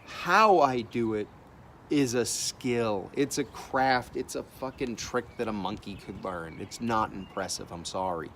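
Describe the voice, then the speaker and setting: Blunt, animated male artist, profane monologue, faint ambient noise behind. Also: fairly low pitch, a little slow. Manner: blunt, animated, swears freely. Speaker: artist sharing opinions.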